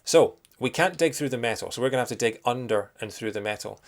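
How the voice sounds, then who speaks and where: A young man with a soft Scottish accent, chatting casually and thinking aloud while streaming a retro game, greeting viewers as he goes. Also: mid-range voice, quick pace. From Scotland. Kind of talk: casual live-stream commentary.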